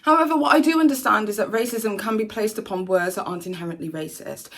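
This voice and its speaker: A woman's voice: medium pitch, quick pace. A woman YouTuber delivering scripted commentary in an articulate, pointed, assertive way. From Britain, outside London.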